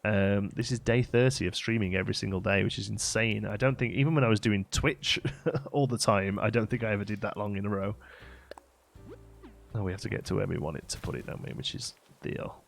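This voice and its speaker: A man's voice: fairly low pitch, fairly quick, vocal fry. A man from England, rambling casually as he hosts a game livestream and answers his chat. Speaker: livestream host.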